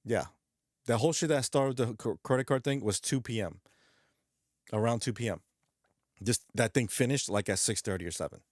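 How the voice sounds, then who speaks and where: A man's voice: medium pitch, normal speed, long pauses, no echo, studio quality. A young man from New York ranting in a vlog, profane and agitated, repeating himself as he talks. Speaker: vlogger.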